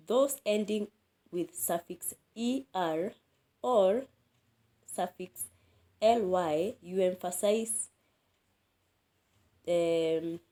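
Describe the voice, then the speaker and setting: A woman teaching an English lesson, explaining word stress and repeating example words slowly. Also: fairly low pitch, mellow. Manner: slow, repeats key words and drills them aloud.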